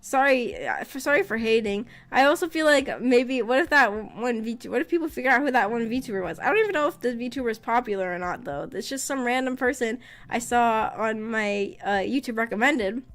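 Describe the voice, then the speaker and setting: A woman VTuber chatting casually on stream, rambling and often laughing, her voice slightly rough after being sick. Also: fairly high pitch, lively intonation, brisk, a bit bright. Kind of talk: casual live-stream chat.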